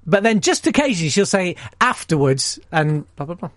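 A man hosting a radio show in a close, dry studio, his pitch bouncing all over as he rambles. He makes self-mocking jokes and talks casually, sitting slightly high for a man. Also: sing-song, fast, no echo. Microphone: studio microphone.

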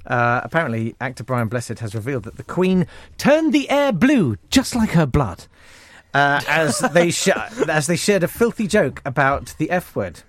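Male host, very lively up-and-down pitch, jokey, fairly high voice, dry close sound. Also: normal speed, no echo. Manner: animated, jokey, slips into voices. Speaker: radio host. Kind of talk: casual chat.

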